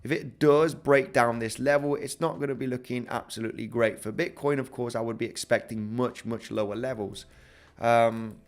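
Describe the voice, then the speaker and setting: A man's voice: mid-range voice, fairly even intonation, normal speed. A man with an English accent hosting a live crypto trading stream, talking through charts and chat comments with lots of "okay?" and "right?". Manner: chatty, fillers and repeated "okay?", "right?". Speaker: crypto trading livestream host. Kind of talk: live market analysis reading chat.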